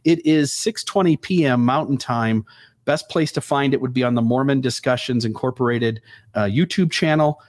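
A man's voice: mid-range voice, normal speed. A man hosting a live show, easygoing and chatty as he talks with his co-host. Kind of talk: casual live show banter.

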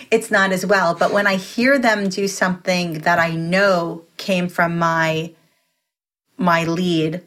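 A woman's voice: on the low side, a bit bright. A woman in her forties, a podcast guest, talking earnestly in casual conversation and giving advice with frequent restarts.

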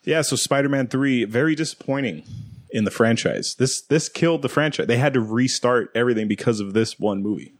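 A man's voice: medium pitch, brisk. A man co-hosting a casual movie podcast, rambling and laughing as he talks. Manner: rambling, laughs often, acts out quoted lines. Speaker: podcast co-host.

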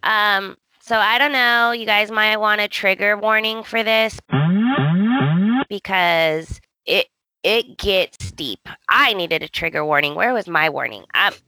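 A woman co-hosting a podcast in casual chat, talking in an animated way, exclaiming and laughing often. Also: medium pitch, unhurried, dry recording. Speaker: podcast co-host.

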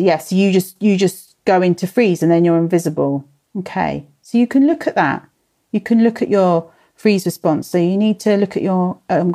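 A mellow, medium-pitched woman in her thirties or forties hosts a live parenting workshop. She chats, laughs and sighs along the way, answering viewers by name as she reads their comments.

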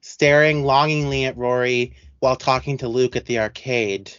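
A man co-hosting a podcast in casual chat, talking in an animated, rambling way with many restarts. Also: medium pitch, moderate pace, smooth, no room sound, highs cut off. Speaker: podcast co-host.

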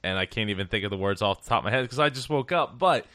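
A man's voice: lowish voice, expressive, very fast, bright, forceful tone, no echo, clean studio sound. A man hosting a podcast over a remote call, chatting in an upbeat, rambling way with lots of restarts. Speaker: podcast host. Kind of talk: casual interview chat. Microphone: remote call setup.

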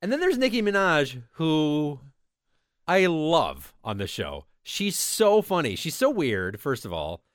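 A man co-hosting an entertainment podcast in casual chat, with a chatty, animated way of talking. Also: fairly high pitch, measured pace, no room sound, studio quality. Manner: animated, chatty, mimics people with exaggerated voices. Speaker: podcast co-host.

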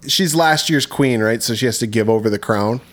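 A man's voice: a little fast, a bit bright. A man co-hosting a film podcast, chatting casually, cursing a lot and mocking the plot. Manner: profane, mocking, acts out scenes in squeaky voices. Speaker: podcast co-host. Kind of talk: casual chat.

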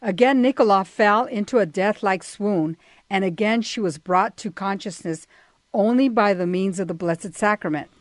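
A woman co-hosting a talk show, reading a story aloud in a steady way and murmuring agreement. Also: mid-range voice, normal speed, dry recording. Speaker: co-host.

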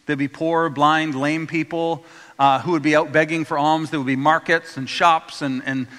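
A pastor delivers a storytelling sermon in a bright, slightly high voice with fairly even intonation at normal speed. He acts out the characters' voices and has the congregation repeat words after him, all under a long hall reverb.

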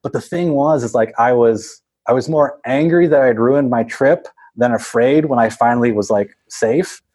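A man with a husky, mid-range, darkish voice tells a long story casually at normal speed, rambling with plenty of fillers. He laughs often as he goes and acts out other people's voices.

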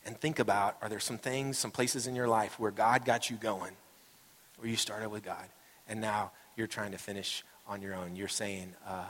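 A man's voice: lowish voice, fairly even intonation, normal speed, a bit bright. A man pastor giving a conversational sermon, telling stories and acting out what people say. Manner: casual and storytelling, acting out quoted voices. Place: church sanctuary. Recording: reverberant hall sound.

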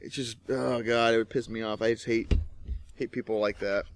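A young man co-hosting a casual podcast, swearing constantly as he tells a story and bursts into shouted quotes. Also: mid-range voice, little pitch movement, moderate pace. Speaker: podcast co-host. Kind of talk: casual chat, profane storytelling.

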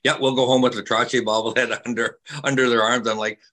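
Older man chatting, bright forceful voice. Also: mid-range voice, flat delivery, fast talker, low-quality recording. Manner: warm storyteller, repeats words, many fillers. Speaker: retired hockey player, guest. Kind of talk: casual chat with fans.

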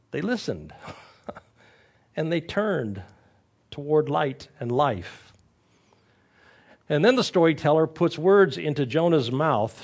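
Wry, animated male preacher. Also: a little high, husky. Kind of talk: storytelling sermon.

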